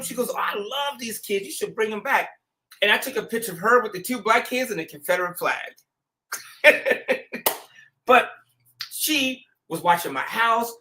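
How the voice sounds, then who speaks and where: A man hosting a show, telling stories in a casual, slangy way and acting out quotes. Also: high-pitched. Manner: animated, slangy, acts out quotes with laughs. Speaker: show host. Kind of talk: casual storytelling chat.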